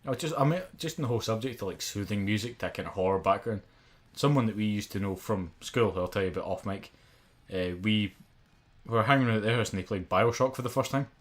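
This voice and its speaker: A Scottish man in his twenties rattles along quickly in sweary, rambling podcast chat. His voice sits a little low, and his stories tumble out with loose, offhand energy. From Scotland. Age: 20s. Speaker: podcast co-host. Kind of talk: casual chat.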